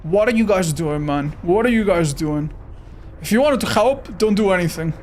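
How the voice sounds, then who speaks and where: Excitable high-voiced male streamer. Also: moderate pace, a little hiss or hum. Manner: excitable, swears often, talks to chat. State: tired. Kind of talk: live gameplay commentary.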